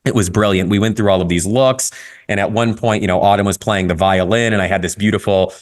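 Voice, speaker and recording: A man's voice: on the low side, quick pace. Candid, swearing man telling a story. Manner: candid, profane, storytelling, lively. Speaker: guest photographer. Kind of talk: casual podcast conversation.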